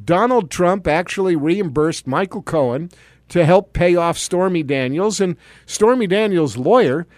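A man hosting a talk radio show, reading sponsor copy and introducing guests in a brisk, playful manner. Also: high voice, lively intonation, darkish tone, no room sound.

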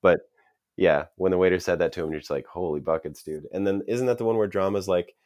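A man's voice: low voice, a little mellow, no room sound, clean studio sound. A man co-hosting a casual podcast, rambling and slangy as he recaps scenes from a TV episode. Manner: rambling, fast, with slangy asides. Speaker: podcast co-host.

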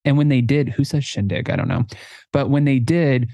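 A man's voice: mid-range voice, a little fast, warm tone, no room sound. A man co-hosting a casual podcast, playful and self-deprecating as he tells stories. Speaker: co-host.

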